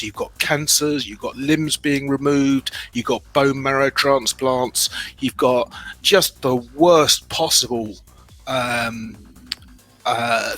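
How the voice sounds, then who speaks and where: A man's voice: mid-range voice, fairly bright tone, low-quality recording. A middle-aged man with a British accent, telling his own story as a guest in a candid, self-deprecating way, often restarting his sentences.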